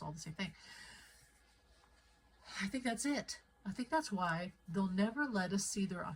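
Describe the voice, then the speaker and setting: The audio is poor, with a little hiss or hum, as a medium-pitched woman rambles into her phone at home in the US Midwest. Her casual monologue turns heated and conspiratorial.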